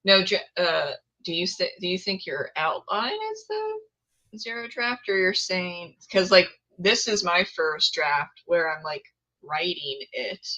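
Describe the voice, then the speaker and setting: A woman hosts a relaxed video call, teasing her guest in a bright, clear tone. Her pitch swings up and down a lot, and she takes her time with each phrase. She laughs often. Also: measured pace, poor audio. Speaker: host. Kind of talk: casual chat on a video call. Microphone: headphones on a video call.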